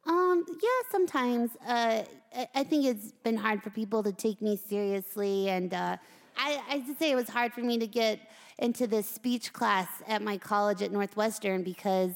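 High-voiced woman with a lisp. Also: moderate pace. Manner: giggly, self-deprecating. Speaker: guest. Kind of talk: interview chat.

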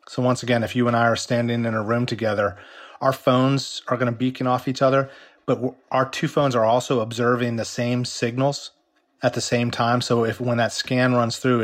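Exec guy in an interview, losing his voice, keeps restarting sentences. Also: medium pitch. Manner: explanatory, with frequent restarts. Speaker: company executive interviewed about a workplace app. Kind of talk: remote news interview.

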